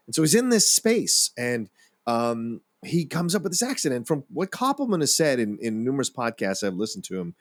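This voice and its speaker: A man co-hosting a film podcast who chats in an animated, rambling way. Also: mid-range voice, dry recording. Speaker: podcast co-host. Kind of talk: casual film discussion.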